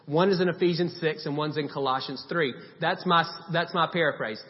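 A pastor preaches a sermon conversationally, driving points home by repeating short commands. His voice is on the high side and a little fast. The recording has a long hall reverb and a dull sound.

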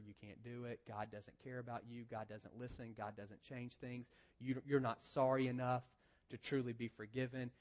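Conversational male preacher. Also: mid-range voice. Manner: conversational preaching, restarts mid-phrase, swings from quiet to emphatic. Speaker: pastor. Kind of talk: sermon.

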